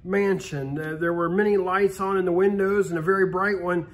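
High-ish voiced guy reading a christmas story aloud, steady, trips on a word now and then. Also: moderate pace. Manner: steady storytelling with small restarts. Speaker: story reader.

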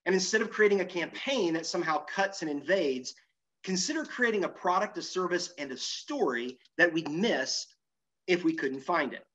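A middle-aged man giving a lively, self-deprecating conference presentation, moving around as he speaks. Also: high-pitched, normal speed. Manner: animated, self-deprecating, moves around while talking. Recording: muffled, lo-fi sound.

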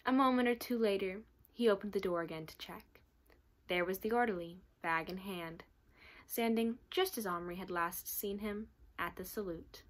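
A woman student reading a children's novel aloud with steady, expressive storytelling. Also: mid-range voice, normal speed. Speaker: student reader.

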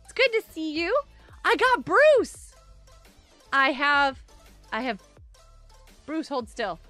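A woman's voice: high voice, sing-song, a little slow, sharp tone, faint music behind. A woman streamer chatting casually while playing a game live, giggly and greeting her viewers.

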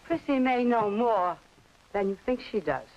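A woman's voice: fairly high pitch, lively intonation, measured pace, muffled recording. A firm, probing frontier woman. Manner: firm, questioning.

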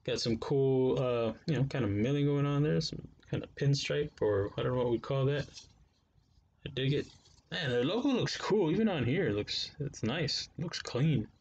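A man's voice: medium pitch, normal speed, darkish tone. A man chats through a casual unboxing vlog, loose and slangy, talking straight to his viewers. The audio is slightly dull and lo-fi, with a faint hiss underneath. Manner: laid-back, slangy, chatty with viewers. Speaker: knife reviewer.

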